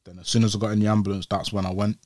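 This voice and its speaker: A man's voice: lowish voice, very fast, dry recording. A young man, an interview guest telling his story casually, acting out the voices of the people in it. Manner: animated, acts out quoted voices.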